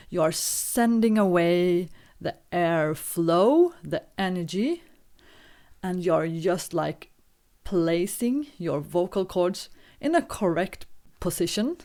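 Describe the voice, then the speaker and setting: A woman teaching singing, walking through a vocal warm-up with calm, patient step-by-step instructions. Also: fairly low pitch, slow pace.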